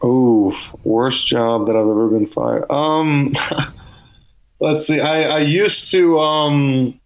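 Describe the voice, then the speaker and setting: A man's voice: medium pitch, slow pace, poor audio. A young man with a Southern US accent, a comedian telling loose, self-deprecating stories as a guest in a casual podcast interview.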